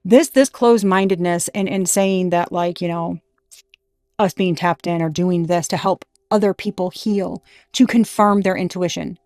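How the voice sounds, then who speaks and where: A woman's voice: fairly low pitch, fairly even intonation, normal speed, darkish tone, no room sound, studio quality. A woman giving a casual tarot reading, talking frankly and emphatically and swearing now and then. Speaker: tarot reader.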